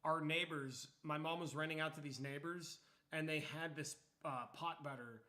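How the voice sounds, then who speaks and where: Bright high-voiced young man telling stories. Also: moderate pace. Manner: animated, swears freely, acts out quotes loudly. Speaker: streamer. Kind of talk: casual chat storytelling.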